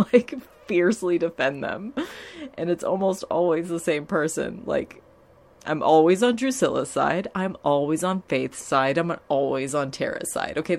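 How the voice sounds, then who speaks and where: A woman's voice: low voice, creaky. A young woman talking casually and candidly about a TV show, swearing freely. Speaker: TV episode recapper. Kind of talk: casual chat.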